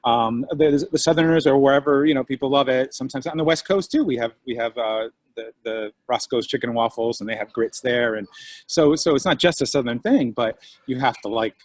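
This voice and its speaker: A husky man talks over a video call, animated and chatty, slipping into his customers' voices as he tells his stories. The sound is close and dry, with no room around it. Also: medium pitch, fairly quick, dry recording. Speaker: guest author and diner owner. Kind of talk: casual video call chat.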